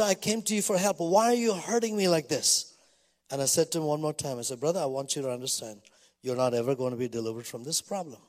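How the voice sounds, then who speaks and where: Older man, pastor, sermon, slightly high voice, reverberant hall, filler-heavy storytelling. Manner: reads scripture slowly, then tells stories with many fillers.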